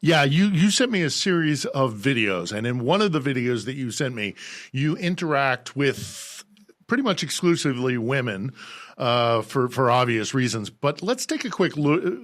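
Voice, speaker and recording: A man's voice: mid-range voice, a bit bright, no room sound. Man hosting an interview, dry sound. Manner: measured, restarts words. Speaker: host. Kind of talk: interview questions.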